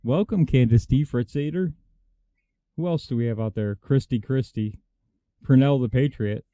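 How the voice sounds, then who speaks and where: A man's voice: mid-range voice, moderate pace, mellow, no room sound, muffled recording. A man hosting a casual livestream chat, jokey and greeting viewers by name. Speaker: host.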